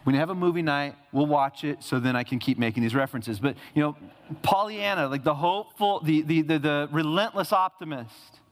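A man's voice: on the high side, fairly quick. A male pastor preaching a sermon, asking rhetorical questions and repeating phrases for emphasis. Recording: reverberant hall.

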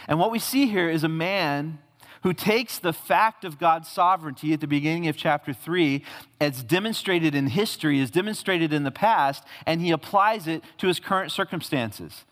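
A male pastor delivers a sermon with a fairly high voice. He swings from loud, emphatic peaks to low, hushed lines and slips into casual asides that act out quoted voices. His voice carries a long reverb, as in a large hall.

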